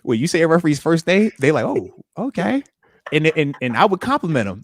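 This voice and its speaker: Guy hosting a sports podcast, bouncy lively voice, dry close mic, acts out quotes. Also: on the high side, brisk, dry recording. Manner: animated, acts out quotes with slangy banter. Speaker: podcast host, retired linebacker. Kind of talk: casual chat.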